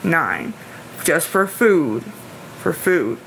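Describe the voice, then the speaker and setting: Bright-voiced anxious woman streamer. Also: deep voice, sing-song, drawn-out words, gravelly, slight background noise. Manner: anxious, pleading and defensive, rambling with repeated phrases. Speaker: livestreamer asking viewers for money. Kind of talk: casual live-stream chat, answering viewer comments.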